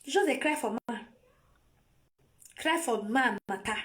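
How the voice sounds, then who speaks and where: A woman's voice: on the high side, expressive, unhurried, a bit bright. A Nigerian woman on a phone live video, lecturing her viewers in a scolding, repetitive way. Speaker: vlogger.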